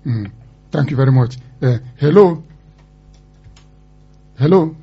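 A man's voice: medium pitch, lively intonation, takes it slowly, gravelly, slightly rough. A man hosting a call-in radio show in Nigerian Pidgin, joking and laughing at himself. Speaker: radio host. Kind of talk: casual call-in radio chat. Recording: muffled radio broadcast.

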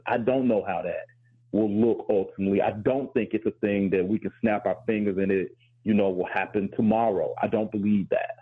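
Earnest low-voiced male historian, tinny sound. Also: breathy edge. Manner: earnest and reflective, with repeated words and quick laughs. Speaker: host and historian. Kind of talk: casual radio talk. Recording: tinny phone-like broadcast.

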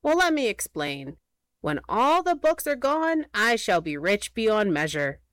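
A woman voicing a sly, greedy little male hedgehog painter with a squeaky voice, in a storybook reading. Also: big pitch swings, a little slow, fairly bright tone, no room sound. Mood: gloating. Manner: sly, scheming.

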